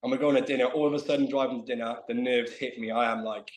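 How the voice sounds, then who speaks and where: Male guest, animated storyteller, middle pitch, echoey room sound. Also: fast talker. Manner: animated, self-mocking storyteller. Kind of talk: casual storytelling chat. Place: remote video call.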